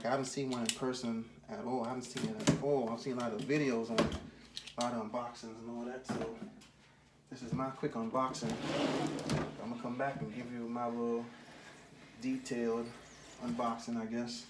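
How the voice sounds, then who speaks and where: Man, casual vlog host, slightly winded, excitable chatter, loud background noise, mid pitch. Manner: excitable, chatty, says "man" and "y'all" a lot. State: slightly out of breath. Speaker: RC car channel host.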